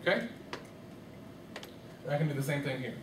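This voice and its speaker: In a noisy, echoey classroom recorded from a distance, a music teacher with a slightly high voice and lively intonation speaks at normal speed. He's teaching rhythm, asking questions and often making sure his students follow along.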